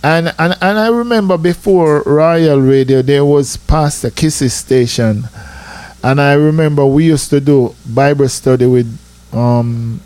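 A middle-aged man with a Jamaican accent, telling stories in a lively, chatty way as a radio host. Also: on the high side, no echo. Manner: lively, chatty, full of asides like "I tell you, man". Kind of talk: casual storytelling on radio.

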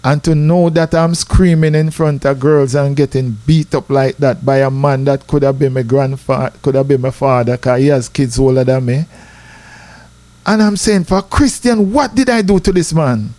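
A man with a Jamaican accent telling a personal story casually, animated and peppered with "you know". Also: moderate pace, no room sound. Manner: animated, repeats "you know", rises in pitch for drama.

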